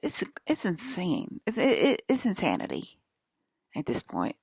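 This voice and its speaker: A woman's voice: on the low side, huge pitch swings, unhurried, darkish tone, slightly rough, dry recording, studio quality. A woman talking to camera in a rambling, emphatic monologue, swearing and checking in with "okay?" after her points. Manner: emphatic, profane, keeps asking "okay?". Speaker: vlogger.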